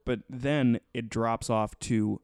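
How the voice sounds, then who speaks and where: Smooth-voiced male podcast host. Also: medium pitch, steady tone, slow pace, a little mellow, no room sound. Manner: rambling, many fillers and restarts. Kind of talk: casual podcast chat reviewing a TV show.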